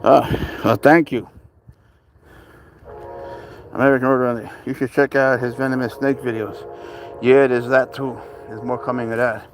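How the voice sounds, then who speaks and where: A laid-back man chats on a phone live stream, reading out viewer comments and answering them with easy chuckles. His voice sits at a middling pitch, and faint ambient noise from outdoors runs under it. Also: level tone, moderate pace, pauses often. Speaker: livestream host with a pet serval.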